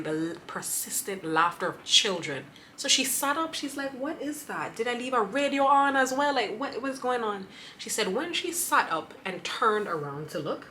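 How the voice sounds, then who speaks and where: A young woman vlogger telling a personal story to camera, animated, often laughing and backtracking. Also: on the low side, a little hiss or hum. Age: young adult.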